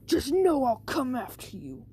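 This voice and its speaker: A woman voicing a hot-tempered teenage boy bully who shouts accusations, in a casual spoken story. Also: sits high, wildly swooping pitch, measured pace, slightly rough, full character voice. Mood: angry.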